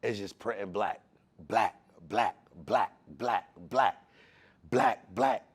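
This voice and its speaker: A man telling his personal faith testimony in casual slang, emotional, repeating words for emphasis, swinging between hushed and loud. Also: fairly low pitch, takes it slowly, breathy edge. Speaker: testimony speaker.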